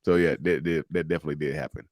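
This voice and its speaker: A man hosting a live talk show, chatting in an animated, joking way and laughing often. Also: a bass voice, very fast, dry recording, clean studio sound. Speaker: show host.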